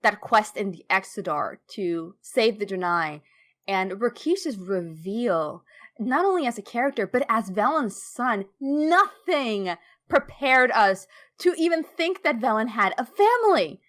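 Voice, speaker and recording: A higher-pitched woman co-hosting a casual fan podcast. She talks in an animated, emphatic way and gets louder and brighter in tone when excited. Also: measured pace. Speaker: podcast co-host. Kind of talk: casual fan lore discussion.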